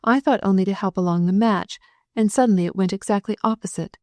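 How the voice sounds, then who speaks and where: A woman reading the part of a young noblewoman who speaks quickly and tearfully in an audiobook. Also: medium pitch, darkish tone, no room sound, close to an everyday voice. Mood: confiding.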